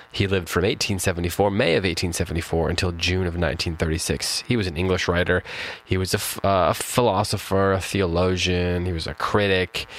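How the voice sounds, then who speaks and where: Man, very low voice, relaxed thoughtful talk, poem host, some restarts. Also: poor audio. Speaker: poetry podcast host. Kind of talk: casual talk about a poem with slow read-aloud.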